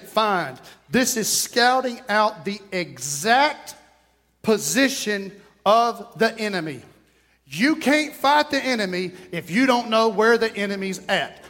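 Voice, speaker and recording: Preacher guy, high pitched, animated sermon with call and response. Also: in a large hall. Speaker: pastor. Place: church sanctuary.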